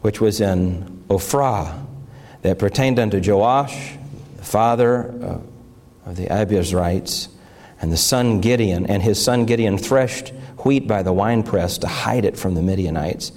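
A man's voice: lowish voice, measured pace, darkish tone. Man, middle-aged, pastor, sermon, scripture reading, emotional, fervent.

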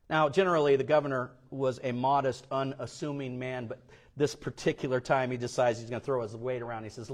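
A man preaching a sermon, swinging between hushed asides and loud emphatic peaks, acting out voices in his stories. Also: medium pitch, steady tone, fairly quick. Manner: dynamic preacher, swings from quiet to loud, acts out quotes. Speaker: pastor.

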